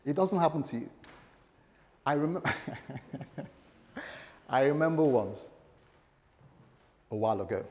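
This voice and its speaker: A man's voice: on the high side, animated, slow pace, long pauses, darkish tone. A male pastor delivering a sermon, telling stories animatedly and acting out the voices he quotes. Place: church hall. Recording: long hall reverb.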